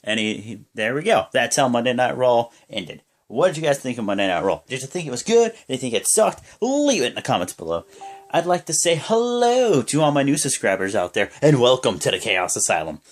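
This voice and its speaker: A young man casually recapping a wrestling show as a vlogger, in rambling play-by-play with lots of fillers and sudden bursts of excitement. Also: mid-range voice, brisk.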